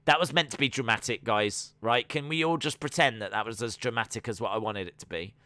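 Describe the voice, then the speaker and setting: A man hosting a casual live-stream watch-along, chatting and answering viewer comments, with sudden excited bursts that trail off quietly. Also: mid-range voice, fairly quick, no room sound.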